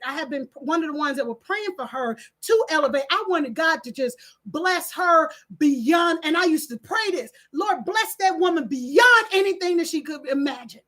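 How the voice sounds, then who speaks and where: Bright, lively high-voiced woman streamer. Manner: animated, preachy, laughs and shouts often. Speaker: live stream commentator. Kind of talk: live stream commentary, reading chat.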